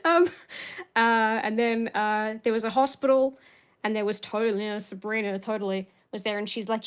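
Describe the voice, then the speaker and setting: A woman's voice: mid-range voice, flat delivery, fairly quick, smooth. A woman casually recapping a tabletop game session in a rambling, jokey way with lots of fillers.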